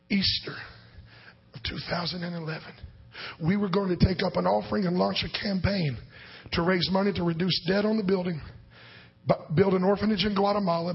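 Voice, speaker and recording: A husky, rather high-pitched male preacher telling a story from the pulpit. He booms out some lines and drops to a hushed whisper on others. The recording sounds dull and lo-fi. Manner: swings from shouting to hushed whispers. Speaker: pastor. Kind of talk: sermon storytelling.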